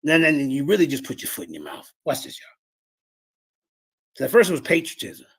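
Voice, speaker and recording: A man hosting a show, loudly mocking and ribbing a guest over played clips, with a gravelly, husky voice. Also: on the high side, wildly swooping pitch, fairly quick. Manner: loud, mocking, shouting in disbelief. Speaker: show host.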